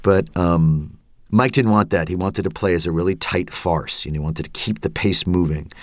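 A middle-aged actor talks through his memories in an interview. He is thoughtful and hesitant, with many fillers. His voice is very deep, and the recording is close and dry. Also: moderate pace, no echo. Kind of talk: casual interview talk.

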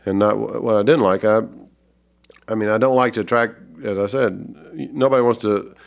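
Gravelly Georgia-accented man, halting. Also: fairly low pitch, steady tone, lo-fi sound. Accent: Southern US, Georgia. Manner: halting, many fillers and restarts. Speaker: author and guest. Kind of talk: reflective interview talk.

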